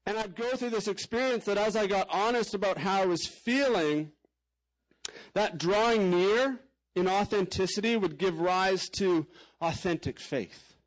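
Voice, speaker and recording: A man's voice: sits high, unhurried, rough recording. A man preaching a sermon as a pastor, candid and conversational, with frequent casual fillers.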